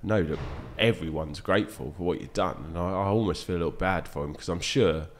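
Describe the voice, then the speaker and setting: A man, a dart reviewer guest, chatting casually on a podcast and telling animated stories with frequent laughs and fillers. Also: low voice, brisk. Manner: animated storyteller, laughs often, lots of fillers.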